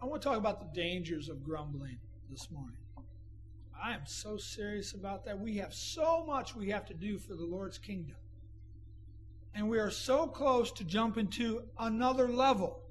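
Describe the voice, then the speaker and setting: A man preaching a sermon, impassioned, swinging between shouting and low murmuring. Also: animated, moderate pace, soft background music. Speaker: pastor.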